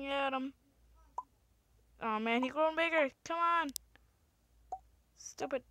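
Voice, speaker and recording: A woman giving excitable let's-play commentary, often exclaiming and swearing at the game. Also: high voice, noisy background. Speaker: gamer.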